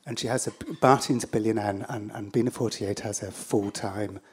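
An English man telling a story live to an audience, wry and self-deprecating, with halting fillers. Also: fairly low pitch, fairly even intonation, breathy edge.

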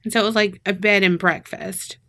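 A woman's voice: mid-range voice, steady tone, a little fast, sharp tone. A woman co-hosting a podcast, telling a crime story in casual chat, laughing often and acting out what people said. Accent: Southern American. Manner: laughs often, acts out quotes in voices. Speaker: podcast co-host.

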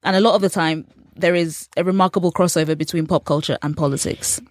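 A woman's voice: lowish voice, fast, no room sound, clean studio sound. An English woman in her thirties, a journalist telling stories in a casual interview and acting out the voices she quotes. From England. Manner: animated storyteller, acts out quoted voices. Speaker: guest, journalist.

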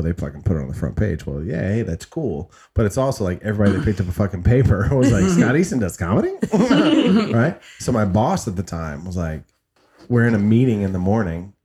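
A man's voice: lowish voice, animated, fairly quick, dark tone, breathy edge. A man, a stand-up comedian, telling rambling stories with frequent swearing and restarts in a casual chat.

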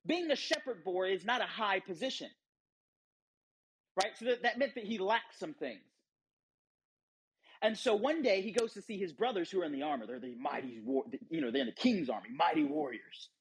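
A man giving an emphatic motivational talk, storytelling to make a point, with a husky voice. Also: sits high, lively intonation, normal speed. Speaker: motivational speaker. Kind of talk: motivational preaching.

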